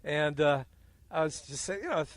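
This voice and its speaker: A man hosting a field interview outdoors at a small airfield, telling animated, jokey stories into a handheld mic. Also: a little high, normal speed. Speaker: host.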